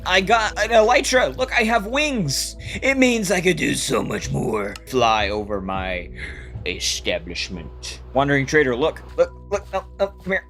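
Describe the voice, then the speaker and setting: A man narrating his own game footage in a bouncy, jokey way, his pitch leaping up and down as he gets excited. He laughs often and throws in playful slang. Faint music plays underneath. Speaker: gaming YouTuber. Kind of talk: playful gameplay commentary and narration.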